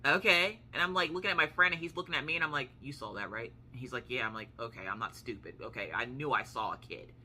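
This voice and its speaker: A woman's voice: extremely low pitch, quick pace, hardly any pauses, sharp tone, a little hiss or hum. A woman in her thirties from the United States, telling a story in a casual, chatty way that acts out the quotes and swears now and then. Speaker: vlogger.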